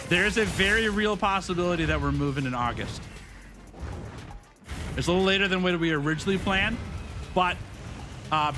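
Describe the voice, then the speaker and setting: A gaming streamer in his thirties chats casually with his live viewers in a high-pitched voice. He is upbeat and laughs readily.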